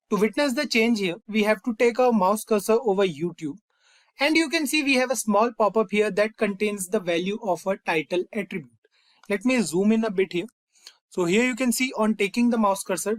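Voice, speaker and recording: A man's voice: sits high, no echo. A man teaching a screen-recorded coding tutorial, explaining step by step and addressing viewers as "you guys". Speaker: coding instructor.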